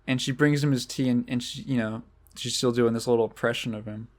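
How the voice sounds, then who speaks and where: A man hosting a podcast, retelling a film in a rambling, excitable way, swearing often and restarting his sentences. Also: mid-range voice, a little fast. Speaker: podcast host.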